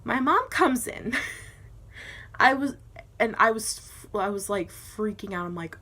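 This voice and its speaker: A bright, clear-voiced teenage girl chats to her camera at home. She tells her story in a loose, giggly way, with plenty of "um" and "like," and acts out the other voices as she goes. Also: mid-range voice, lively intonation, slow pace, long pauses. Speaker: vlogger.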